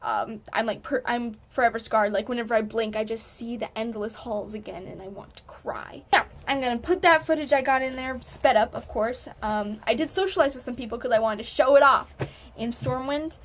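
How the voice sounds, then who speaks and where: A woman student recapping a game to her viewers in a casual, animated way, swearing now and then. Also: fairly high pitch, brisk, slight background noise. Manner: animated, excitable, swears freely. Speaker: gaming vlogger, student.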